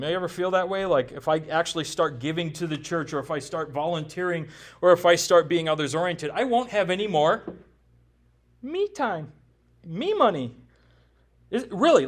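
A high-voiced male pastor from the United States preaches in a conversational style. He tosses in joking asides and keeps asking the congregation rhetorical questions.

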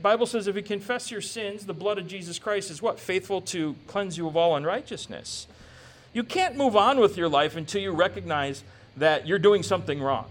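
Male pastor, casual joking sermon delivery, high animated voice. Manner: conversational, joking preaching with quoted asides.

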